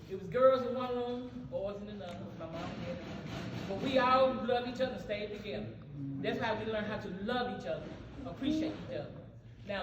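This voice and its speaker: A man's voice: high-pitched, lo-fi sound. An older man giving a folksy tribute speech at a family birthday, laughing as he tells stories about his family. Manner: folksy, laughing, talks back to the crowd. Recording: echoey, distant, loud crowd and noise.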